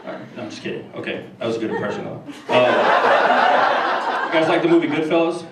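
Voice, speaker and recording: A man doing a stand-up comedy set in a club, with a deadpan, halting delivery full of fillers. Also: medium pitch. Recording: echoey room from far off, loud crowd noise.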